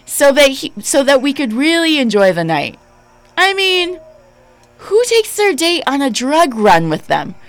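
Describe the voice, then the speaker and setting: A woman in her thirties hosting a podcast, telling stories casually in a deliberately lowered, spooky voice, chatty and emphatic with lots of fillers. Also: very animated, faint music behind, rough recording. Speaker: podcast host. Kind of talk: casual storytelling.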